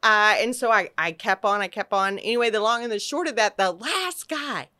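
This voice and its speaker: Middle-aged woman from texas, bright voice, lively storytelling with lots of quoted bits and restarts. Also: medium pitch, normal speed. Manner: animated, acts out quotes, frequent restarts. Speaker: podcast guest. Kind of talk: casual storytelling.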